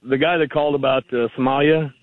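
A man's voice: mid-range voice, fairly even intonation, fast talker, dry recording. A man calling into a radio show, rambling and argumentative, heard over a tinny phone line. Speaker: caller. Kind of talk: call-in conversation.

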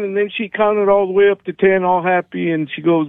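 High-voiced male caller on a phone line. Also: fairly even intonation, a little fast, vocal fry, few pauses, dry recording. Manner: chatty, storytelling. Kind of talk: telling a joke on the phone. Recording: dry tinny phone line.

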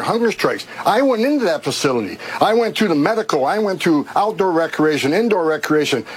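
Official at a press statement, husky and fairly high voice, emphatic with restarts. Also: male voice. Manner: emphatic, repetitive, stumbling restarts. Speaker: government official giving a statement. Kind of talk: press remarks.

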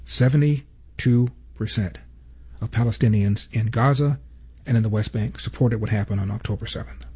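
Mellow, husky male talk host. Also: lowish voice, moderate pace. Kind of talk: commentary introducing clips.

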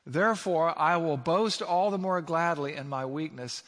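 A man delivers a sermon with emphatic, rising delivery, peppering it with rhetorical questions. His voice sits a touch higher than most men's. Long reverb from a large hall trails after his words. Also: moderate pace, fairly bright tone. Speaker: pastor.

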